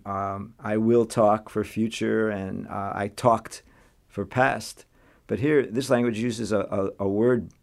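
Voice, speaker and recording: A man with a fairly low voice steps in to give a short grammar lesson. He explains things clearly and step by step, in a friendly and self-deprecating manner. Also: darkish tone. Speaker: co-host giving a grammar lesson.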